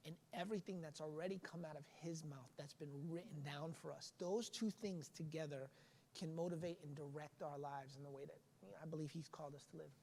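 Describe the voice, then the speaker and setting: A man's voice: fairly high pitch, fairly even intonation, a little fast, vocal fry, darkish tone, a little hiss or hum. A man who is a pastor talks earnestly in a casual podcast chat. He leans into a preachy delivery and often restarts his sentences. His voice trails off into a long, lingering reverb.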